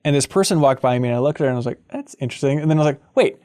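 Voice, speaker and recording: A man hosting a casual podcast chat, playful and animated, with jokey asides. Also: medium pitch, very fast. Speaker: podcast host.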